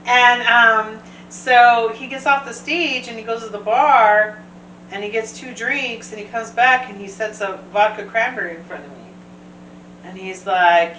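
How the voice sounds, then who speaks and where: A woman's voice: mid-range voice, moderate pace, a little hiss or hum. A woman hosting a casual chat, telling a story and acting out what others said. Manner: animated storyteller, acts out quotes. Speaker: host. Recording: echoey room, distant mic.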